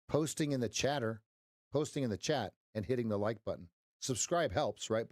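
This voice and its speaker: A middle-aged man hosting a trading livestream, joking with the chat and giving folksy pep talks. His voice sits at an ordinary pitch. The sound is dry and close, with no room echo. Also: a little mellow. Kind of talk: casual livestream chat with viewers.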